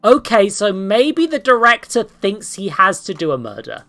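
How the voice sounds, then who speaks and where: A young woman plays a horror game on stream, swearing and making sarcastic jokes. Her pitch swings animatedly and her tone is bright and sharp, with faint game music behind her. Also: very animated, normal speed, few pauses. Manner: sarcastic, swears, greets monsters playfully. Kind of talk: casual gameplay commentary.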